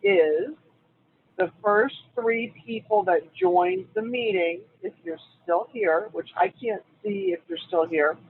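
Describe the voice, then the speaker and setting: A woman's voice: mid-range voice, slow, creaky. A woman announcing giveaway winners on a team video call. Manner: lively, announcing. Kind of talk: casual team meeting talk. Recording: tinny phone-like call audio.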